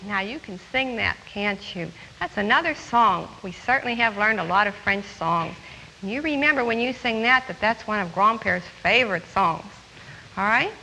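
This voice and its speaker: A woman teaching young children French words and a song, speaking slowly and clearly and repeating each phrase. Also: medium pitch, animated, pushed and bright, a little hiss or hum. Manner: slow, clearly enunciated, patient, repeats words; sings song lines. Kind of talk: children's language lesson. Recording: long hall reverb with faint music.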